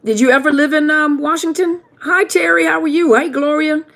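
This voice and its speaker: A woman with a fairly high voice hosts a casual live stream, greeting viewers one by one in a friendly, chatty way. She talks from a home setup into a webcam mic. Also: steady tone, brisk, gravelly, fairly bright tone.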